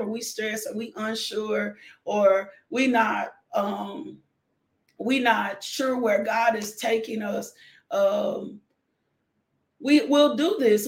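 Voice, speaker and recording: Exuberant high-voiced woman preaching. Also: reverberant. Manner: exuberant, laughing, call-and-response. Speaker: devotional podcast host. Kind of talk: energetic devotional preaching.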